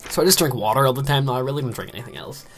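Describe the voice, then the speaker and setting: A man's voice: medium pitch, lively intonation, very fast, fairly bright tone, faint music behind. A teenage boy with a Northern Irish accent, rambling in casual chat while commentating his own game play. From Northern Ireland. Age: teens. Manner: rambling, chatty, many fillers. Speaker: let's play host.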